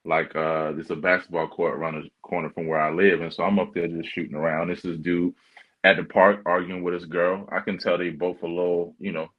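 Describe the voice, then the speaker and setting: A man hosting a podcast, telling a story in a relaxed, slangy way. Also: deep voice, brisk. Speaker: podcast host. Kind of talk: casual storytelling. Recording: dull lo-fi sound.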